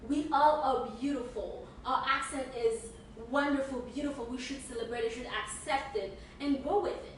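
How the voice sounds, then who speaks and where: This high-pitched woman co-hosts a casual podcast, speaking emphatically and encouragingly and repeating words as she builds up to a point. Her voice sits well back from the mic in a strongly echoing room, with a faint hiss underneath. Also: normal speed, hardly any pauses. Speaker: podcast co-host. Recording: echoey room, distant mic.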